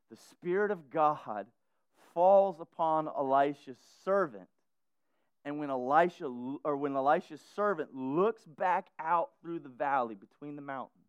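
A man preaching a sermon in a casual, animated way, full of slang and repetitions. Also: high voice, clean tone, no echo.

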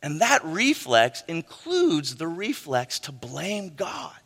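Middle-aged male pastor, very expressive sweeping delivery, tags lines with "right?", booming hall echo. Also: slow, slightly rough. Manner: animated preaching, frequent "right?" asides, acts out quoted voices. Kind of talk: sermon. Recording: long hall reverb.

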